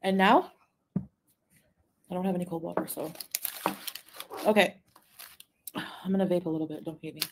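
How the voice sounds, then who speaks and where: A woman from Quebec chatting casually on a live stream, reading viewer comments, rambling and giggling, sometimes trailing off into a soft mumble. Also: fairly low pitch, steady tone, a little slow, long pauses, slight background noise. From Quebec, Canada. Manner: rambling, easily distracted, giggly asides. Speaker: livestreamer.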